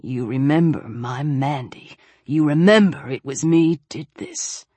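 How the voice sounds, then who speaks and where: Woman putting on a rough older soldier, clipped orders, gruff, dry sound. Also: mid-range voice, very animated, moderate pace, no room sound. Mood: murmuring.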